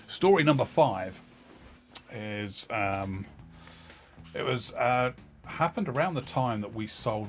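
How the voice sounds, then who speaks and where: A middle-aged man streams a game while casually telling a rambling, profane story loaded with fillers. His voice is lowish with a fairly bright tone, and game music plays behind him.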